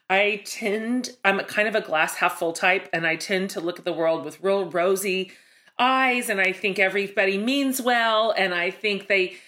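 A woman's voice: mid-range voice, a bit bright. Effusive middle-aged woman host. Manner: enthusiastic, effusive, self-deprecating. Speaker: podcast host. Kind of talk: casual interview chat.

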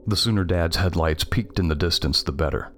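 A man reading a scripted first-person horror story in a measured, tense way. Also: low-pitched, a bit bright, a little hiss or hum. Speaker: narrator.

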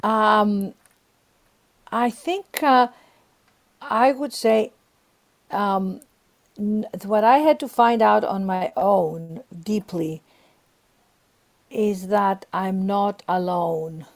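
A woman's voice: medium pitch, drawn-out words, pauses often. A woman guest on a podcast, earnestly giving spiritual advice and encouragement, often repeating herself.

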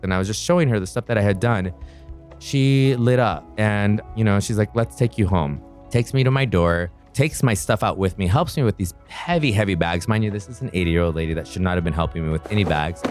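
Low-voiced man telling a personal story. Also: faint music behind. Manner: earnest, reflective, quick-flowing recollection. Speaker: interviewee.

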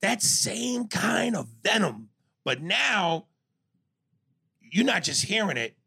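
Gravelly, husky man telling it animatedly. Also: high voice, takes it slowly, dry recording. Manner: animated storyteller who acts out quotes. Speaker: podcast co-host. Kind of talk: casual chat.

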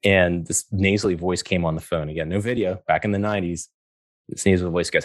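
A man's voice: low voice, fairly even intonation, brisk, dry recording, clean studio sound. A middle-aged man telling stories in a casual interview, acting out the voices of the people he quotes and laughing often. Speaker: guest.

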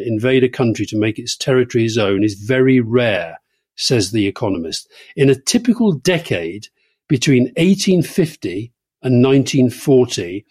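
Scottish male podcast co-host, brisk and talkative, medium-pitched, casual political chat with teasing asides. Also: darkish tone.

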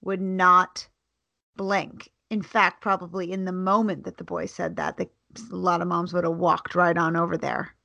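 A woman's voice: lowish voice, little pitch movement, normal speed, gravelly, sharp tone, no room sound. A woman co-hosting a podcast, talking bluntly and reassuringly, swearing freely. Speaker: podcast co-host. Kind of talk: casual chat.

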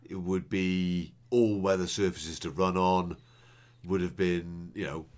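A man co-hosting a podcast in casual chat, mostly chiming in with quiet agreement. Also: sits low, fairly even intonation, unhurried. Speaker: podcast co-host.

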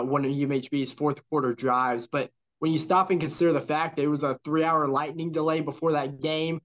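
A man co-hosting a college football podcast, talking in a measured, analytical way with lots of "you know" and "right?". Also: on the high side, a bit bright. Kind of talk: casual sports analysis chat.

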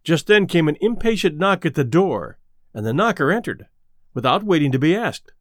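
A man reading a ghost story aloud as narrator, with expressive storytelling. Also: fairly high pitch, normal speed, dry recording, studio quality. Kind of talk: scripted narration.

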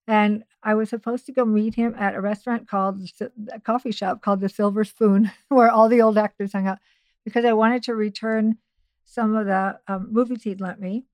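A woman's voice: medium pitch, steady tone, moderate pace, a little mellow, dry recording. A middle-aged woman, a podcast guest, telling a personal story in a chatty way with many asides and restarts. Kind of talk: casual storytelling.

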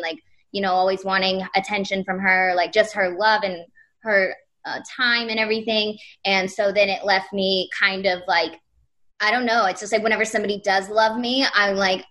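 Bright-voiced woman, hesitant and open. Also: mid-range voice. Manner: hesitant, searching for words. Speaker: podcast host. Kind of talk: candid conversation.

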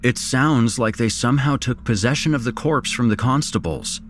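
A man's voice: mid-range voice, normal speed, slight background noise, voice pushed up, close to an everyday voice. A man voicing an alarmed male tavern worker who speaks with urgency over faint music. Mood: urgent.

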